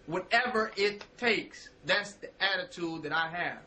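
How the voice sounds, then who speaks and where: A man giving a motivational spiritual talk in casual slang. He quotes himself, repeats phrases and swings between loud and hushed lines. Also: high-pitched, measured pace, low-quality recording. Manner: casual street slang, curses.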